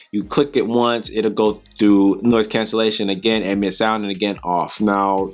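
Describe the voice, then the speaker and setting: A man with a fairly low voice talks through an app's settings screen by screen. He is relaxed and unscripted, with frequent ums as he goes. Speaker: tech reviewer. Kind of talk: casual app walkthrough.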